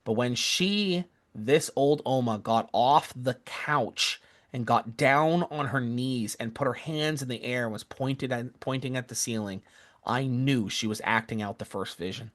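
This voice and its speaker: A man's voice: medium pitch, unhurried, a bit bright. Earnest man telling a story. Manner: earnest, self-correcting, acts out quoted voices. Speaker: returned missionary storyteller. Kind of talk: casual storytelling and lesson.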